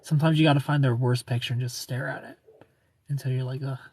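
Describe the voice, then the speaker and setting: A man's voice: medium pitch, fairly even intonation, fast talker, gravelly, a little mellow, breathy edge. A man hosting a casual live stream. He greets viewers by name and gives playful breakup advice. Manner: chatty, greets viewers and reads their comments aloud.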